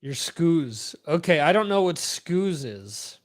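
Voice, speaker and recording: Slow and a little high, his delivery has a sing-song quality. He's a man running a live-stream podcast, loosely chatting, repeating words, and reading audience comments out loud.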